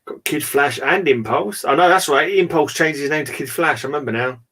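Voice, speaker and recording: A man's voice: on the high side, fairly quick, fairly bright tone. A man hosting a casual online hangout, chatting and rambling as he flips through items. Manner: rambling, chatty, trails off and restarts. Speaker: podcast host. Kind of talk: casual chat. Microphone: video call hangout.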